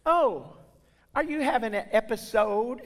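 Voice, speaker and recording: A man's voice: very high-pitched, expressive, unhurried, pitched above the performer's own voice. An older man voicing a small, nosy older woman from New York who fusses with worry, heard with a long hall echo. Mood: concerned.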